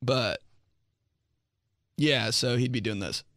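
A man's voice: medium pitch, slow, fairly bright tone, no echo, faint music behind. A young man from Indiana, a podcast host riffing comedically on his own in a small studio and rambling with many fillers.

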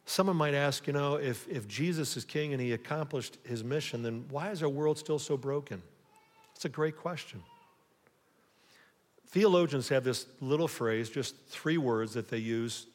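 A man's voice: on the high side, moderate pace. A man preaching a sermon in a church sanctuary, from the United States, with rising emphasis and questions he puts to the congregation. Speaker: pastor. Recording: long reverb of a church hall.

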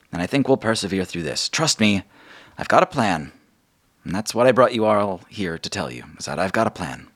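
A man's voice: lowish voice, slightly rough, pitched above the performer's own voice. A man voicing a weary female guild leader who talks in an earnest, worried way and stammers.

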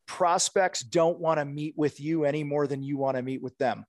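A man's voice: on the high side, normal speed, no echo. A man coaching contractors on sales in casual podcast talk, blunt and direct, acting out sales calls.

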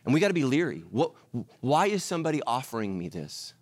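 A middle-aged male pastor preaching a sermon, telling stories and acting out voices with lively energy. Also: mid-range voice, fast, dry recording. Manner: animated storytelling, acts out voices.

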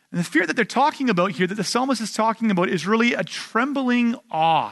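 High-voiced man preaching a sermon. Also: a bit bright. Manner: emphatic, conversational preaching with rhetorical "right?". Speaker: pastor.

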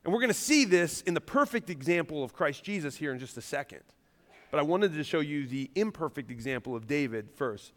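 Lively high-voiced pastor in reverb. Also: male voice, brisk. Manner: animated, self-deprecating, jokes and laughs with the congregation. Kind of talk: sermon. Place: large church hall. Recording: long hall reverb.

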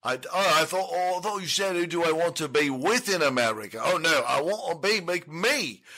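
A man putting on a fussy, prim entertainer who stammers through his complaints. The voice is pitched high and bright, with a pinched, tense edge. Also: expressive, fairly quick, exaggerated voice. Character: fussy frustrated male entertainer Mickey. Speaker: podcast host in character.

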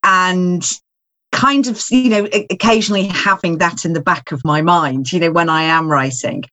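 A woman's voice: on the low side, normal speed, bright, forceful tone. A woman writer, a guest in a casual discussion, thinking aloud in a reflective way with many asides. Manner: reflective, thinks aloud, frequent "you know".

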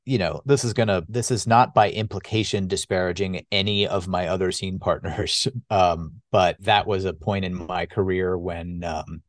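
A middle-aged man, a stage actor guesting on a podcast, talking thoughtfully in casual chat with hesitant pauses. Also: deep voice, steady tone, no room sound, clean studio sound. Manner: thoughtful, warm, with hesitant fillers.

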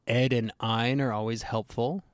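A man's voice: medium pitch, fairly even intonation, unhurried, clear, resonant tone, no echo, clean studio sound. A man hosting a casual podcast chat, reading out listener comments and asking questions. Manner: reads listener comments aloud. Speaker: podcast host.

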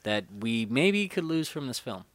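A man hosting a casual movie podcast, animated and opinionated, swearing now and then. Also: mid-range voice, moderate pace, no echo. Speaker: podcast host.

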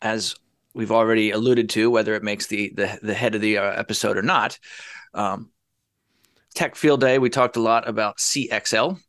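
A man's voice: fairly low pitch, fairly even intonation, moderate pace, a bit bright, no echo. A man co-hosting a podcast in casual banter, with dry, wry humor. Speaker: podcast co-host.

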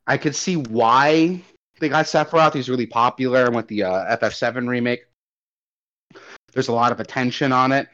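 A man's voice: mid-range voice, moderate pace. Rambling young man, lo-fi audio. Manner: rambling, animated, swears casually. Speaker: podcast co-host. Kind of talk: casual gaming chat. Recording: dull lo-fi audio.

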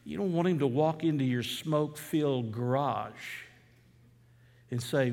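Pastor preaching in an echoing hall. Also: male voice, a little high, unhurried, creaky, a little mellow. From Atlanta, USA. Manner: conversational storytelling preaching with fervent emphasis. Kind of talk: sermon.

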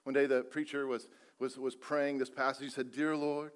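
A man's voice: mid-range voice, flat delivery, a little fast. A man preaching a sermon to a church congregation, earnest and repetitive, asking rhetorical questions and telling light jokes. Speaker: pastor. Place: church service.

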